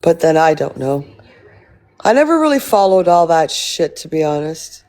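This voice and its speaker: A woman's voice: low voice, big pitch swings, moderate pace, a little mellow. A woman live-streaming, chatting casually with her viewers and reading their comments, blunt and rambling, swearing freely.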